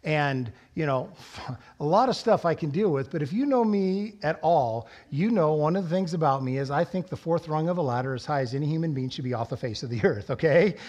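A middle-aged male pastor preaching from the pulpit, his fairly high voice swinging between quiet reflection and loud, excited storytelling. He leans into anecdotes and punches key words for emphasis. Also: brisk, highs cut off. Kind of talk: sermon. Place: church sanctuary.

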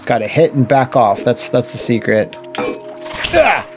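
A man's voice: mid-range voice, normal speed, over music. A man casually commenting while he plays a video game, wry and jokey, swearing and talking to the enemies. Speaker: gaming channel host. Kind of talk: casual let's-play commentary.

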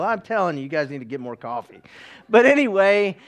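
A man's voice: high voice, sing-song, brisk. A middle-aged man from East Tennessee, preaching a sermon in a folksy way with joking asides to the congregation. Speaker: pastor.

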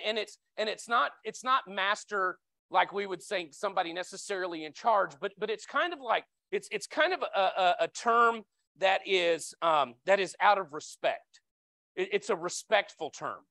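Bright, dry-voiced lay preacher man. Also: no room sound. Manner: conversational, repeats words, acts out cries with sudden loud high shouts. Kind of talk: sermon. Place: church sanctuary.

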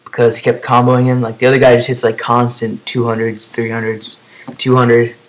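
A young man casually commenting over his own gameplay clips, rambling, with sudden excited outbursts between quiet, trailing remarks. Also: medium pitch, moderate pace, low-quality recording.

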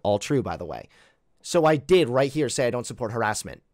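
A man's voice: medium pitch, sing-song, fairly quick, dry recording, clean studio sound. A man hosting a commentary video, reacting to a clip in an exasperated, sarcastic rant. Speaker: commentary channel host.

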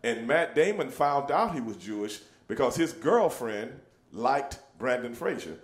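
A man's voice: mid-range voice, very animated, unhurried. A man telling a story in casual chat, laughing and acting out the people he quotes. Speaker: show host telling a story.

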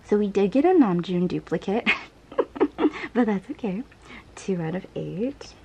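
Woman vlogger, mid pitch, casual gushing unboxing chat with faint background noise. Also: sing-song, unhurried, gravelly. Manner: gushing, breathless, swings to soft whispers and laughs.

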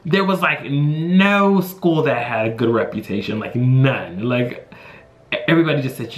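A man's voice: medium pitch, animated, unhurried. A young man from the United States telling a casual storytime to camera, rambling with many fillers like "you know" and "like". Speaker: vlogger. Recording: echoey room.

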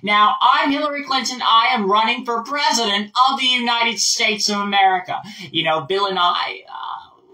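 A man putting on an impression of a woman politician, calming people in a measured, reassuring way. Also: very high-pitched, reverberant, recorded from a distance, pitched above the performer's own voice, heavily acted, poor audio. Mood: folksy. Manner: measured, soothing, with giddy little laughs.

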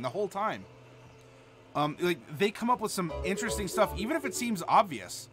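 A man's voice: high voice, lively intonation, fairly quick, a bit bright, soft background music. A man from Ohio hosting a live stream, chatting casually and answering chat with many fillers. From Ohio, USA. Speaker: streamer host.

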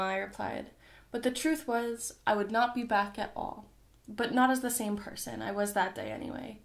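A young woman reading a children's novel aloud, narrating and voicing the characters lightly. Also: a little high. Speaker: audiobook reader.

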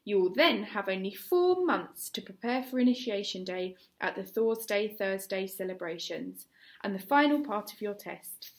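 A woman with an English accent voicing a gruff, scornful male Viking teacher who shouts at his pupils. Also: medium pitch, natural voice.

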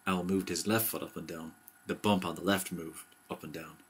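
Deep voiced guy reading a bedtime story, gentle and even. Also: normal speed.

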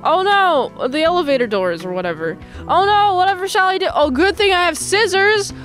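A woman's voice: extremely high pitch, expressive, brisk, fairly bright tone, faint music behind, voice pushed up. A woman voicing a greedy, impatient, arrogant man with whiny, panicky exclamations.

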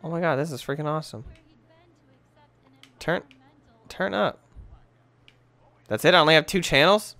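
A man's voice: on the high side, moderate pace, long pauses, no room sound. A man giving casual, jokey commentary while playing a video game, chatting to himself about what he sees. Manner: animated and jokey, talking to himself. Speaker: gamer commentating a let's play.

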